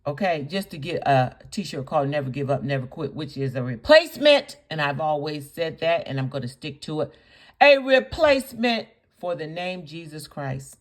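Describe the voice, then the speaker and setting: Her deep, sing-song voice moves at a moderate pace through a reaction video she's hosting. She berates indignantly, piling on rhetorical questions and saying her points again for emphasis.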